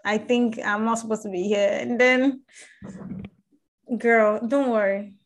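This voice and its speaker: A woman's voice: on the high side, fairly even intonation, unhurried. A woman co-hosting a podcast, chatting in a laid-back, candid way and laughing easily. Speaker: podcast co-host. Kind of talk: casual chat.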